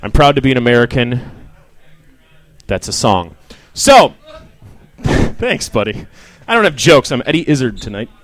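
A man's voice: medium pitch, expressive, moderate pace, long pauses, dry recording. A young man doing a rambling, self-deprecating stand-up set, swearing and riffing with the crowd while feeling sick. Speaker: stand-up comedian.

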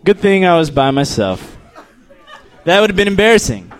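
Animated young comic, crude and deadpan. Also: male voice, high-pitched, normal speed, some chatter behind. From El Paso, Texas. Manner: deadpan, crude, stumbling restarts. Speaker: stand-up comedian. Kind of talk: stand-up set and casual interview.

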